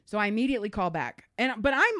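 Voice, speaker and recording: A middle-aged woman co-hosting a casual podcast, telling a story with a lively, swooping voice and plenty of swearing. The sound is close and dry, with no room around it. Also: mid-range voice, fast, no room sound. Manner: animated storytelling, swears freely. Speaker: podcast co-host. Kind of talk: casual chat.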